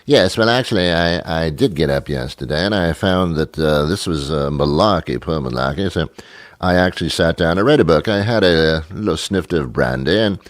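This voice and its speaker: A man putting on a pompous mock-British gentleman. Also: low-pitched, expressive, normal speed, dry recording, studio quality.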